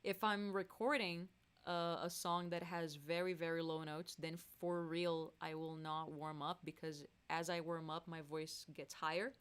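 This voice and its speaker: A woman's voice: sits low, flat delivery, measured pace, fairly bright tone, smooth. A young adult woman chatting casually between songs on her live stream, laughing often as she talks. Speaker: musician hosting a live stream.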